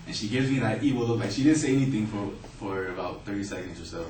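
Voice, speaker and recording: A man telling a personal story in a casual, animated way. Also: on the low side, fast talker, hardly any pauses, slight background noise. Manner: animated, acting out voices in his story. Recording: roomy, distant mic, faint ambience.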